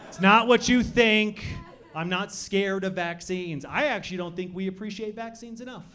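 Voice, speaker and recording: Young guy doing deadpan standup on a club stage, kinda high voice, yells the punchlines sometimes. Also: normal speed. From Colorado. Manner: deadpan delivery that bursts into loud shouted act-outs. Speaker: stand-up comedian. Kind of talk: stand-up comedy set. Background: audience laughter.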